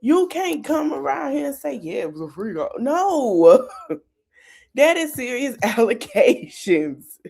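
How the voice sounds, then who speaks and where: A woman hosting a podcast, talking in animated, casual gossip and hedging her claims. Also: high-pitched, a little slow, vocal fry, slightly rough. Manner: animated, repeatedly hedging with "allegedly". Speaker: podcast host.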